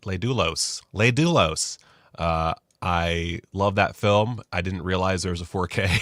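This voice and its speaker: Deep-voiced man rambling casually as host. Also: fairly bright tone, no echo, clean studio sound. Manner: rambling, self-deprecating, loose and profane. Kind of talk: casual live-stream chat.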